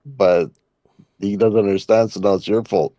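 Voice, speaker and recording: A man from Canada co-hosting a podcast, talking haltingly in casual chat with many fillers and chuckles. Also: lowish voice, steady tone, dark tone, no room sound. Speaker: podcast co-host. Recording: dull lo-fi sound.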